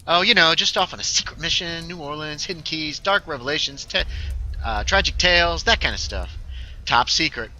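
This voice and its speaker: A man's voice: a little high, normal speed, pushed and bright, voice pushed up, low-quality recording. A man voicing a sarcastic young witch in a story game. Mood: wry. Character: young witch woman, wry and secretive.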